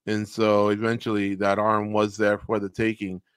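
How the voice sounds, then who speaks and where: A man co-hosting a podcast, chatting casually about fights in an animated way and slipping into mock voices. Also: fairly low pitch, normal speed, clean tone, dry recording, studio quality. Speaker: podcast co-host. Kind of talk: casual MMA recap chat.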